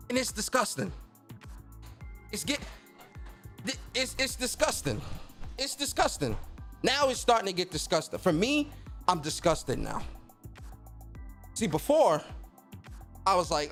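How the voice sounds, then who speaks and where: A man's voice: high voice, very animated, a little slow, long pauses, fairly bright tone, soft background music. A man hosting a podcast, ranting bluntly with profanity and stammering repeats. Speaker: podcast host. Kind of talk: casual ranting commentary.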